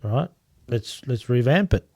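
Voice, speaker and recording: A man with a mellow, warm voice talks casually as a guest and laughs at his own stories. The sound is dry and close, with no room echo. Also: mid-range voice, expressive, measured pace, slightly rough. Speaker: guest, former bar owner. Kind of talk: casual storytelling chat.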